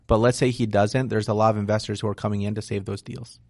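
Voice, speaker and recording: Low-voiced man explaining real estate. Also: flat delivery, fast, darkish tone, no echo, studio quality. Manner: frank, explanatory, peppered with "right?". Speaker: real estate investor guest. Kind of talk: casual interview talk.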